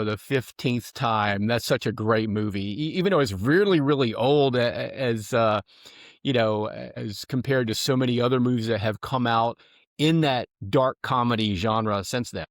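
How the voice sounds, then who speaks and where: A male podcast host with a mid-range voice, chatting warmly with his guest. He restarts and repeats words as he goes, keeping an encouraging tone. The recording is dry and close. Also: medium pitch, moderate pace, no echo. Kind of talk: casual podcast conversation.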